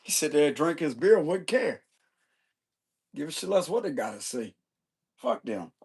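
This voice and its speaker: A man's voice: fairly high pitch, sing-song, moderate pace, gravelly, a little mellow, husky. A man giving a casual tarot reading in loose, profane, slangy chat, chuckling often. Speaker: tarot reader.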